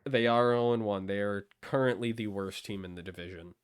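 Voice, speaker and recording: A man in casual conversation with a low, smooth voice. He hesitates often, filling gaps with ums as he thinks aloud. The sound is close and dry. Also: a little fast, no room sound. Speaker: host. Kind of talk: casual discussion.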